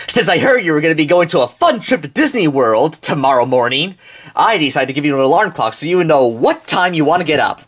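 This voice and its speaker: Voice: mid-range voice, sing-song, fast talker. A performer voicing a cheerful, chatty male character in an amateur toy drama. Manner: upbeat, chatty. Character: cheerful friendly gift-giver, male.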